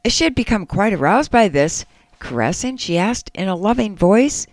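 A woman's voice: mid-range voice, sing-song, no echo. A woman co-hosting a casual radio-style chat, adding wry quips and telling a joke. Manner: wry, quick quips, tells jokes. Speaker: co-host.

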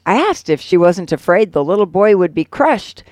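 Lively woman reading on radio. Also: on the low side, moderate pace, dry recording. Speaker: radio show co-host. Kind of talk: reading poems and jokes on radio.

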